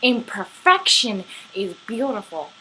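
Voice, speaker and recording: A woman briefly voicing a quirky woman scientist in a soft, earnest tone, close to her own voice. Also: fairly high pitch, very animated, slow pace, husky, exaggerated voice, low-quality recording.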